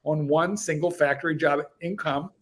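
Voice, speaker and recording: An older man rambles through wry stories in a casual livestream chat. His voice sits notably high for a man. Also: steady tone, normal speed, a bit bright. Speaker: livestream guest.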